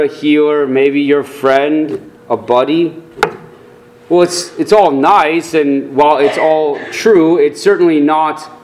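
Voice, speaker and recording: Slow, earnest preaching man. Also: on the high side. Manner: earnest, deliberate preaching with emphatic rises. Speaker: pastor. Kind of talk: sermon.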